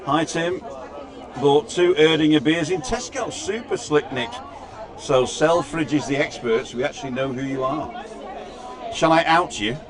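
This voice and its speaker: A man's voice: a little high, measured pace. Chatty British man hosting a street livestream. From Britain. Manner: chatty, greets viewers by name, wry asides. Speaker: livestream host. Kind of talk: casual live chat, reading out viewer comments. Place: outdoors on a street. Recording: busy outdoor crowd noise.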